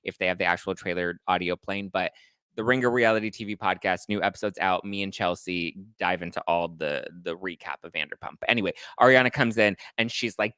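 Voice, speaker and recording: A young man hosting a podcast, recapping casually with sassy, animated delivery and mimicking the people he talks about. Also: low voice, fairly quick, clear, resonant tone, no room sound. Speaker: podcast host. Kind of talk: casual live recap chat.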